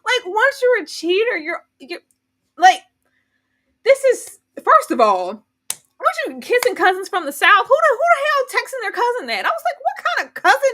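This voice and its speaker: A woman with a high, swooping voice reacts loudly in a reality TV recap chat. She laughs a lot and sounds openly incredulous. Her tone is bright and sharp. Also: normal speed. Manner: loud, animated, laughing, incredulous. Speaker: podcast co-host.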